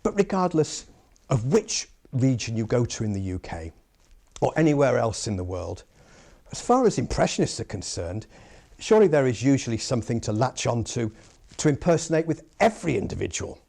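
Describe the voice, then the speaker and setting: Man, after-dinner comedy speech, gravelly voice, husky, measured delivery, puns. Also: medium pitch, very animated, darkish tone. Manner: measured, pun-laden delivery.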